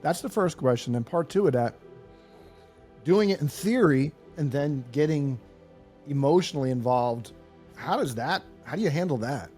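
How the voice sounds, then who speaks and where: Mellow-voiced man hosting a podcast. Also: fairly high pitch, lively intonation, normal speed, faint music behind. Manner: casual, slightly rough-spoken, grateful. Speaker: podcast host. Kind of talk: casual interview questions.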